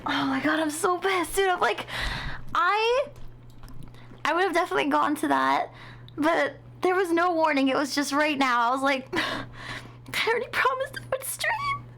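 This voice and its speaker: A tired young woman streams from home, chatting casually in a rambling, dramatic, mock-complaining way. Her voice is sleepy yet fairly bright, sitting high at a moderate pace.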